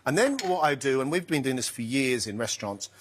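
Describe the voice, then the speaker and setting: A middle-aged man, a chef, chatting relaxed while he cooks a dish live in a TV studio kitchen. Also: medium pitch, a little fast, a little hiss or hum. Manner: chatty, relaxed, talks to the pan. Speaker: guest chef. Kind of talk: cooking demonstration on TV.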